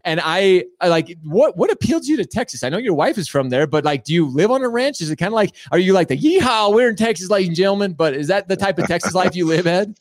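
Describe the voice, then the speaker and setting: Hyped-up male show host, lively pitch. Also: fast, hardly any pauses, no room sound, studio quality. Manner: hyped, rambling, lots of fillers and restarts. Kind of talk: enthusiastic live show hosting.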